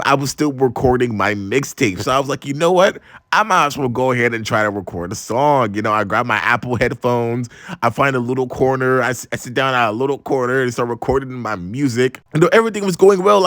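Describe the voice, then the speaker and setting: Young dude from maryland ranting a story, slangy, says bro a lot, mid pitch, dry sound. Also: male voice, no echo. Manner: animated, profane, slangy, exclaims "bro" a lot. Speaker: storytime vlogger. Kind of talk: casual storytelling.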